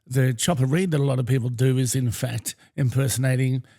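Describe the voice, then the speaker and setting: A man co-hosting a podcast, speaking in a measured, articulate way with dry humour. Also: mid-range voice, steady tone, warm tone. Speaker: podcast co-host. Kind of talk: casual podcast chat.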